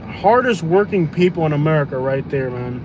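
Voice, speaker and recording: Guy rambling on a phone livestream from his car, kinda high voice, lots of road noise. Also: animated, fairly quick, highs cut off. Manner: rambling, joking, loose. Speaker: food delivery driver streaming live. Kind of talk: casual livestream chat while driving. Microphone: phone on live stream. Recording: noisy car cabin.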